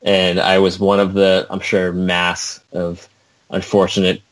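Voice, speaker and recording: A man's voice: low-pitched, monotone, measured pace. A young adult man chatting casually, rambling and self-mocking. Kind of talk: casual chat.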